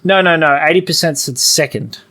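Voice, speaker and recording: This is a man with a voice a bit higher than most, co-hosting a laid-back podcast. He banters easily. He often repeats his opening words before a thought lands. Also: brisk, sharp tone. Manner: playful, repeats words as he starts sentences. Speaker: podcast co-host. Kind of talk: casual chat.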